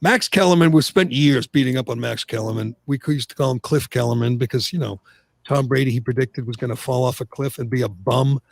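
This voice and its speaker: A man's voice: medium pitch, a little fast, creaky, dry recording, studio quality. A man hosting an opinionated sports talk radio show, ranting with lots of restarts. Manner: animated ranting, frequent restarts.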